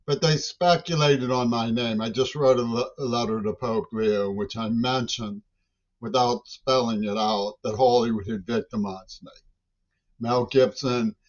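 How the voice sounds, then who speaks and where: Older man, agitated rambling rant, frequent restarts, mid-pitched voice, dull lo-fi recording. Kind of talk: rambling monologue.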